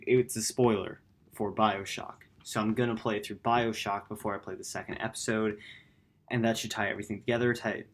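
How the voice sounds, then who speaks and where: Rambling low-voiced man vlogging late at night. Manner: rambling, self-correcting; quiet, low-key. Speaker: gaming channel host. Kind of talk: casual late-night vlog.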